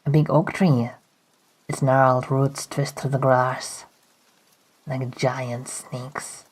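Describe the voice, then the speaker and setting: A game streamer reading on-screen game text aloud while playing, in a slow, plain reading manner. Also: mid-range voice, level tone, husky, low-quality recording.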